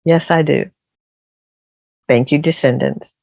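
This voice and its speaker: An older woman speaks slowly with a gravelly, creaky edge. She tells her story as a podcast guest and repeats phrases for emphasis. Her voice sounds dry and close, with no room around it. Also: deep voice, animated, a little mellow, no room sound. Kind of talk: casual interview storytelling.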